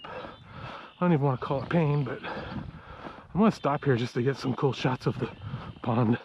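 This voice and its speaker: A man's voice: on the high side, normal speed, dull audio, slight background noise. A man out of breath, chatting casually to the camera while he hikes uphill outdoors on a trail. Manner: chatty, self-talking while walking uphill. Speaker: outdoor vlogger. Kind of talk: casual hiking vlog.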